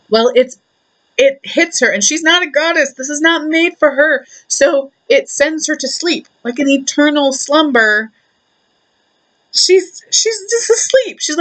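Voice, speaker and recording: A woman's voice: high voice, a bit bright. A young woman retelling a myth in a chatty, irreverent way, with many fillers. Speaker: storyteller.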